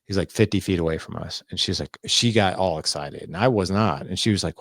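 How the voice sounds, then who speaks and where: A man's voice: low-pitched, expressive, a little fast, no room sound, studio quality. A man in his forties, a podcast guest, telling a personal story candidly and earnestly, often acting out what people said. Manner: earnest, confessional storytelling with quoted dialogue.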